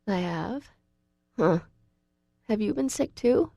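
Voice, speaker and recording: A woman voicing a feverish young woman whose voice is weak, thin, raspy and breathless. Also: mid-range voice, steady tone, moderate pace, dry recording, studio quality. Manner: soft and breathless.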